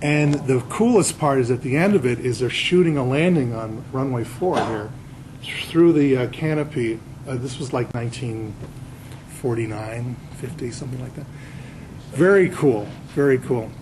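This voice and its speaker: A man's voice: medium pitch, normal speed, darkish tone, slight background noise, low-quality recording. A man, an author, giving a casual slide lecture to an audience, telling anecdotes and quizzing the crowd. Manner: chatty storyteller, quizzing the audience.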